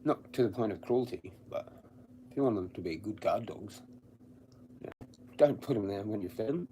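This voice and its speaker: Blunt, swearing Australian man, dark voice. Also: on the low side, animated, normal speed, a little hiss or hum. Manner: blunt, swears constantly, laughs at his own stories. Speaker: livestreamer. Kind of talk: casual rambling livestream chat. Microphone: streaming from home with the camera off.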